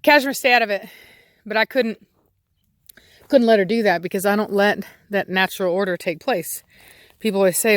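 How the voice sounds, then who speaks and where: A woman's voice: mid-range voice, normal speed, no echo. A chatty woman vlogging outdoors on her land, talking through her dogs' habits in a loose, rambling way. She breaks off now and then to snap commands at the pack, and dogs can be heard behind her. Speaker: dog breeder. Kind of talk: casual vlog talk outdoors with dogs. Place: outdoors on rural property.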